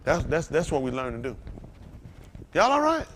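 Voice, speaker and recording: A man preaching from the pulpit with a somewhat high-pitched voice. He swings between scripture and loose, street-level storytelling, keeping it animated and direct. A faint hiss of background noise sits under his voice. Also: moderate pace. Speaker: pastor. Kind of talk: sermon.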